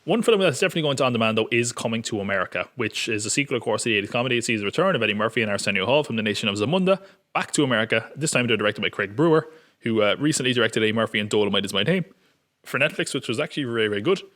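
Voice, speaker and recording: A man's voice: mid-range voice, animated, rapid-fire, a bit bright. Wry male podcast host. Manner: wry, self-mocking, joking. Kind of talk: casual film preview chat.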